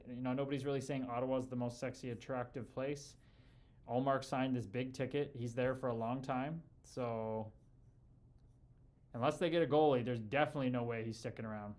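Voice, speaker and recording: A man's voice: mid-range voice, darkish tone. A man hosting a livestream in a casual, chummy way, reading viewer comments aloud and calling people brother and dude. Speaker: livestream host and former hockey player.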